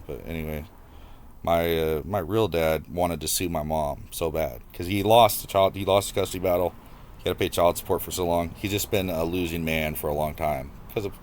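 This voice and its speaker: A young man talking to the camera about his past, casual and halting, stopping and restarting as he reflects. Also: low voice, darkish tone, a little hiss or hum. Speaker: vlogger. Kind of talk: personal storytelling to camera.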